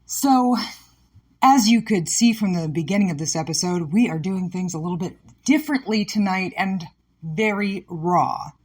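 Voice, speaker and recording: A woman's voice: lowish voice, normal speed, darkish tone, slightly rough. A woman comedian hosting her own show, talking candidly and emotionally about something painful, scattered and sometimes sarcastic. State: upset. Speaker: podcast host and comedian. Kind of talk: candid personal monologue.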